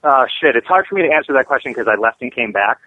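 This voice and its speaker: A man's voice: medium pitch, expressive, fast talker. A man calling in as a guest, joking about himself and swearing casually. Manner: joking, self-deprecating, swears freely. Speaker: wrestling manager, guest. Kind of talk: casual phone-in interview. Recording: tinny phone line.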